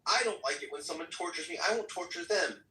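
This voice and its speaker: A man's voice: a little high, lively intonation, fast talker, bright, forceful tone. A man arguing hotly and profanely in an online voice-chat debate. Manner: heated, profane, emphatic. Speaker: debate participant. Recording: roomy, distant mic, faint noise.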